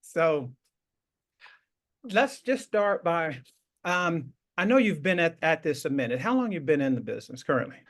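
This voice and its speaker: A man's voice: a little high, very animated, moderate pace. A man hosting a casual interview, rambling with frequent restarts and laughter. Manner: rambling, warm praise with many restarts and laughs. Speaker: show host.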